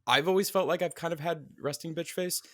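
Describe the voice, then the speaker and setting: A man's voice: on the high side, brisk, no room sound. A man co-hosting a casual podcast, rambling and playful, laughing often. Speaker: podcast co-host. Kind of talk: casual chat.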